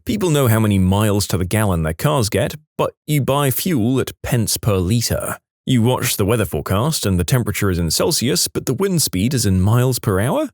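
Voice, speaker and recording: A man narrating online comments in a scripted reading, with a wry, lively delivery and small laughs. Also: fairly low pitch, normal speed, few pauses, no echo, clean studio sound.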